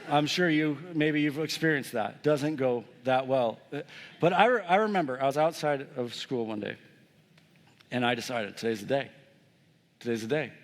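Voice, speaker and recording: A man preaching a sermon, telling a personal story with lively, self-mocking humor and talking straight to the congregation. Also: mid-range voice, moderate pace. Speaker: pastor. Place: church sanctuary. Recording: long church reverb.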